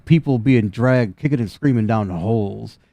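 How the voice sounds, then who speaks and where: A man's voice: lowish voice, normal speed, gravelly, dark tone, dry recording. A man narrating a tabletop game as game master, playful and laughing as he talks.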